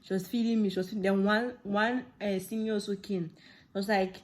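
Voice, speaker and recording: A woman's voice: a little high, a little fast. A young woman with a Ghanaian English accent, telling a casual personal story and acting out the dialogue with laughs. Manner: animated, laughing, acts out dialogue. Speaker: vlogger.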